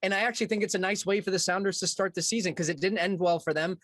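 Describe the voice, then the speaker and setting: A man talking as a soccer analyst on a panel, chatty and quick to joke. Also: high voice, a bit bright, no room sound. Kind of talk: casual panel discussion.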